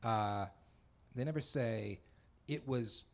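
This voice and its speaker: A man chatting casually as a host, relaxed and thoughtful. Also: medium pitch, slow. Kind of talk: casual chat.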